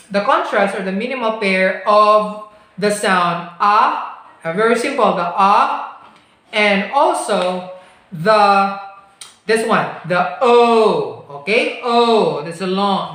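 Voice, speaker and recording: A woman with a Filipino accent leads an English pronunciation lesson, stretching out each model word very slowly for her class to repeat. Her voice rings around a strongly echoing room. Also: mid-range voice, a bit bright. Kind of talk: online speech lesson with repeat-after-me drills. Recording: very echoey room.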